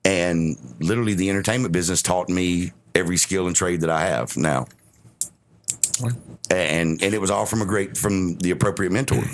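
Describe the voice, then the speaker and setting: A man's voice: deep voice, moderate pace. A man on a casual podcast telling a long, rambling anecdote and quoting his mentor in his own voice. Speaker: podcast guest of honor. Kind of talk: casual storytelling.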